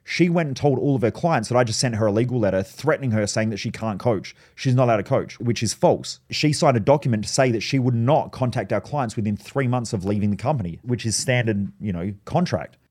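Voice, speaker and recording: A man's voice: mid-range voice, lively intonation, a little fast, hardly any pauses, a little mellow. A man hosting a solo podcast, telling stories in a blunt, profane way. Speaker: podcast host.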